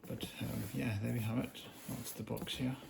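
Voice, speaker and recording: Rambling man with a gravelly voice. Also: mid-range voice, fairly even intonation, moderate pace. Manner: rambling, hesitant, many fillers, reads specs off the box aloud. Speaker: unboxing vlogger. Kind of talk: casual unboxing commentary. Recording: noisy home recording.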